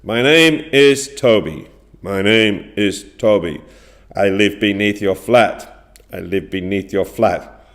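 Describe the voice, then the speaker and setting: Man as irate downstairs neighbor, loud indignant complaint, slow delivery. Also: on the low side, voice pushed down. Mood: angry. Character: angry man neighbor from the flat below.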